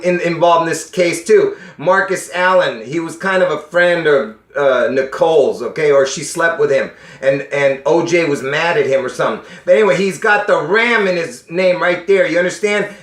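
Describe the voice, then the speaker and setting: This is a casual monologue aimed at viewers, spoken by a man with a high, slightly bright voice in an echoey room. He talks insistently, keeps asking whether they follow him, and sounds strained, with coughs.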